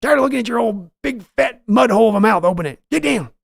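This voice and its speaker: Man impersonating a loud bossy old team boss, scolding, raised high voice, dry sound. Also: expressive, fast talker, gravelly, dry recording, exaggerated voice. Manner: yelling, scolding, domineering. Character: bossy older male team owner scolding his son.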